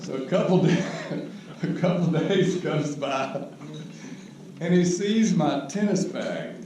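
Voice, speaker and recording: An older man giving a humorous storytelling speech at a roast, with wry, unhurried comic timing. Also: a little high. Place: large banquet hall. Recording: echoey hall recorded from a distance with background noise.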